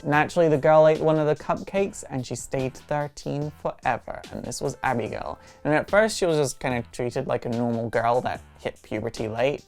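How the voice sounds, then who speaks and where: Very low-voiced woman recapping a comic. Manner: animated retelling with quick character voices. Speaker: host. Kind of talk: casual comic story recap.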